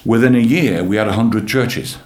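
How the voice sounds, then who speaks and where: A man with a fairly low voice tells his story of faith in a guest interview, earnest and animated, circling back over his own words as he goes. The room around him adds a noticeable echo. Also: normal speed. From England. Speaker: church leader and guest. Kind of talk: personal testimony in an interview. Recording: roomy echo.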